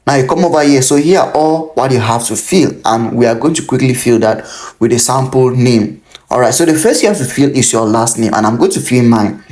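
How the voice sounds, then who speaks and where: A man's voice: mid-range voice, darkish tone. Man from Cameroon walking through a form. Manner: instructive, repeats warnings to pay attention. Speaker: tutorial host. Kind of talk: screen-recorded how-to walkthrough.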